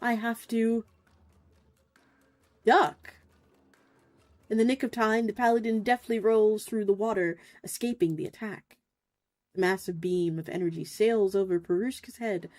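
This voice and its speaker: A woman's voice: medium pitch, warm tone, no echo. A young woman streaming as a VTuber who reads a game's narration aloud and adds playful commentary. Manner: playful, laughs at herself.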